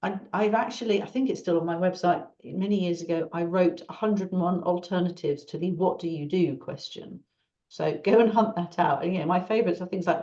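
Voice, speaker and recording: A woman, a marketing consultant hosting an online Q&A, chatty and animated, acting out small talk. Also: lowish voice, a little fast. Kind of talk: casual online Q&A. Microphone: video call. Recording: dull lo-fi video call audio.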